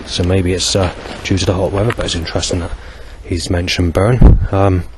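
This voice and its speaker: A man with a very low, deep voice, talking in a meandering monologue. He hesitates often and drifts between points, with a faint hiss of background noise. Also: steady tone, brisk. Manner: hesitant, digressive, many fillers and restarts. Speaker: vlogger. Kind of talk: rambling monologue.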